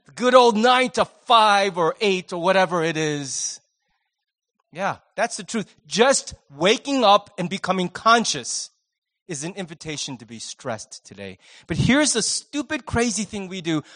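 Middle-aged male pastor, sermon delivery, slightly high voice, lively shifts from punchy to hushed. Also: a little slow. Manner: animated, swings from loud emphasis to soft near-whispers. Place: church sanctuary.

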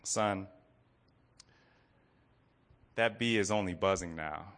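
A man voicing a calm father who quietly reassures his young son. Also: low-pitched, takes it slowly, full character voice. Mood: tender.

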